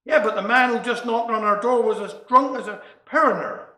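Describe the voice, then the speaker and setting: A gruff, sleepy middle-aged husband with a Cornish accent , as a man puts him on, short with everyone. The voice rings bright in an echoey room. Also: very high voice, brisk.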